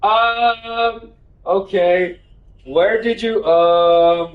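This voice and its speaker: A man streaming a video game live, reacting excitably, swearing and shouting. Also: a little high, measured pace, narrow, tinny audio. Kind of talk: live gaming stream commentary.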